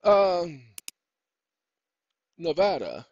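Hosting his own online show, this man speaks in a high voice whose pitch swoops wildly, stretching his words out long. He chats loosely while searching on his computer, telling it off aloud and spelling things out one letter at a time. The audio is dull, lo-fi, and completely dry with no room sound.

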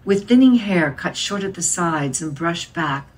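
A woman's voice: lowish voice, lively intonation, far from the mic, poor audio. Woman reading a novel aloud, slightly off mic. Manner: measured storytelling, voicing characters' lines. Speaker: reader.

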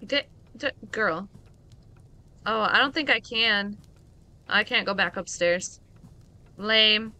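A woman streamer giving playful, chatty let's-play commentary and reacting to the game out loud. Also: mid-range voice, slow pace, long pauses.

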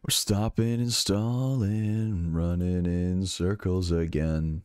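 A man's voice: deep voice, fairly even intonation, slow pace, darkish tone, clean tone, no echo, studio quality. A young man streaming live, casually chatting and answering viewers' chat questions while swearing freely.

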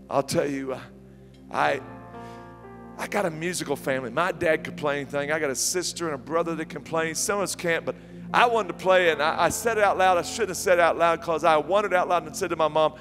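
A middle-aged man preaching a sermon as pastor, telling stories with repeated questions that swing from near-whispers to loud, high climbs. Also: a little fast, long reverb tail, faint music behind. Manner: animated storytelling preacher, repeating questions, sudden soft drops and loud climbs.

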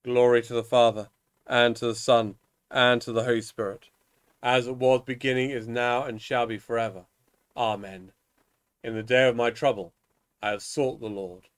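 Man reading psalms in measured tones. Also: mid-range voice, little pitch movement, clean tone. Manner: measured, solemn reading with small stumbles. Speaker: minister leading evening prayer. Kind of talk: liturgical reading of psalms and scripture.

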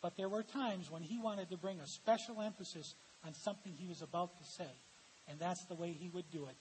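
High-voiced pastor preaching in a reverberant church. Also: male voice, fairly quick, a little mellow. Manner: reads quotations aloud and asks the congregation for answers. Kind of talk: sermon. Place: church sanctuary. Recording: long hall reverb with faint hiss.

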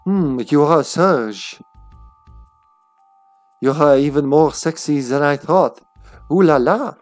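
A man's voice: fairly high pitch, slow, faint music behind. A man voicing a flirty, scheming female jester with a put-on French accent while reading game dialogue aloud. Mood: purring. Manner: sly, purring, theatrical.

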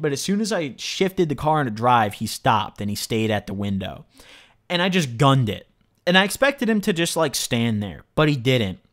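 Animated, rambling young-sounding storytelling man. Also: medium pitch. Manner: rambling, fills speech with "like", "you know" and "right?"; emphatic, swears freely. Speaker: storyteller vlogger. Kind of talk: casual storytime monologue.

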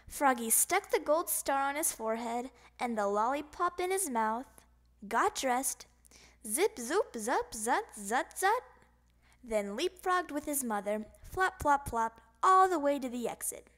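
A woman narrating a children's picture book in an expressive, sing-song way. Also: high voice, unhurried. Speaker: storybook narrator. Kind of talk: children's audiobook reading.

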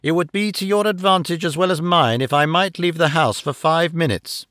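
A man's voice: a little high, normal speed, fairly bright tone, no echo, studio quality, natural voice. A man reading the lines of a proud young man accused of theft, speaking stiffly and indignantly. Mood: defiant.

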